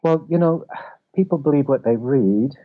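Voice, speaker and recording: A man's voice: medium pitch, normal speed. A man, a film festival founder, explaining ideas with anecdotes as a guest in a casual interview. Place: office. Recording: tinny phone-like line.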